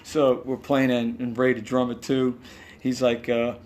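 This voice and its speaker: Ny musician guy rambling through stories, does the voices, swears some, low hum of noise. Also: moderate pace. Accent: New York. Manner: rambling, animated, acts out quotes, swears. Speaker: musician guest. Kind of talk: casual storytelling interview. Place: hotel room.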